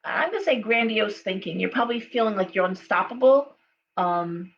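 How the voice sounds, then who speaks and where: A middle-aged woman gives a live tarot reading at normal speed, her mid-range voice animated. She talks chattily, weaving in stories and frequent okays and ums. The audio is dull and lo-fi, carrying a faint hum.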